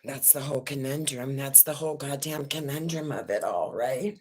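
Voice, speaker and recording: Rumbling low, husky and darkish, this channel host's voice breaks as she vents on her vlog, distressed and tearful, cursing and restarting her sentences.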